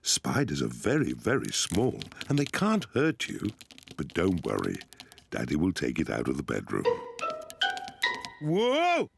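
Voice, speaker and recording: A man's voice: extremely low pitch, wildly swooping pitch, measured pace, creaky, pauses often, soft background music, exaggerated voice. A man voicing a jolly, bumbling father pig in a cartoon, with a jovial and reassuring manner. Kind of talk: cartoon voice acting.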